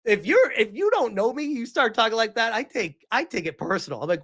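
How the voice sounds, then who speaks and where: A woman streams and answers her chat in a loose, casual way. Her pitch leaps around expressively as she fires off incredulous questions, and she swears freely. She sounds like a host reading donations and pushing back hard. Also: fairly quick, few pauses, slightly rough. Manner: animated, incredulous ranting with frequent swearing. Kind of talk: casual livestream commentary.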